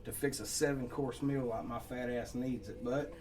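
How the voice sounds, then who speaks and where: A songwriter from Southeast Georgia with a Southern accent, telling rambling, laughing, profane stories in a casual chat. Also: male voice, medium pitch, moderate pace, darkish tone, a little hiss or hum. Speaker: songwriter guest.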